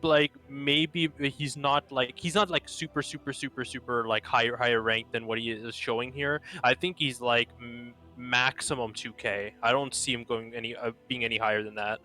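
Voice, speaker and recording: A man's voice: medium pitch, steady tone, normal speed, few pauses, pushed and bright, faint music behind. A young man rambling through casual post-game talk as a co-caster, filling his sentences with "like". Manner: rambling, heavy use of "like".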